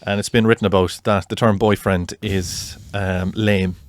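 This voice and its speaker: A young man co-hosting a podcast, chatting in a rambling, animated way. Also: fairly low pitch, moderate pace, no echo. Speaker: podcast co-host. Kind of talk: casual chat.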